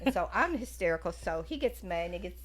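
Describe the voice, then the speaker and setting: Lively woman telling family stories. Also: fairly low pitch, quick pace. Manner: animated, laughs often, acts out quotes. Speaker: podcast guest, mother of the hosts. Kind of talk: casual family storytelling.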